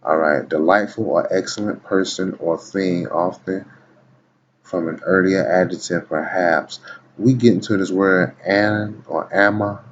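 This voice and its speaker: A man's voice: sits low, steady tone, measured pace. A man reading dictionary entries aloud in a casual video, stopping often to tell the listener to watch and keep listening. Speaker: video blogger. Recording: dull lo-fi recording with faint background noise.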